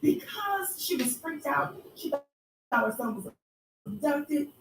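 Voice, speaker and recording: High-voiced woman telling a mocking story. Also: very animated, slow, background noise. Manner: emphatic, mocking, preacher-like. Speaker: vlogger. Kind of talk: storytelling commentary. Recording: echoey room, mic at a distance, faint music.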